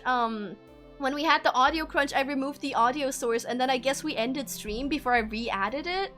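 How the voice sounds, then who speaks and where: A woman's voice: high voice, normal speed, bright, forceful tone, soft background music. A woman streamer chatting casually to her viewers, giggly and self-deprecating. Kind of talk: casual live-stream chat.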